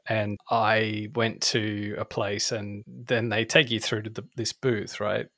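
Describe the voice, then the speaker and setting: A man's voice: fairly low pitch, little pitch movement, slow pace, creaky, sharp tone, dry recording, studio quality. A man co-hosting a podcast, chatting casually, hesitant and sheepish with many restarts. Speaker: podcast co-host. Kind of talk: casual chat.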